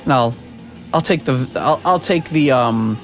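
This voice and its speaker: A man hosting a podcast in casual chat over a video call, rambling with lots of fillers and frequent laughs. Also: mid-range voice. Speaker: podcast host.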